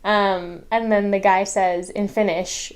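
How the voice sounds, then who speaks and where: A young woman, a missionary, casually telling an anecdote in a lively, amused way. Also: medium pitch, slow, clear, resonant tone. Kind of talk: casual storytelling.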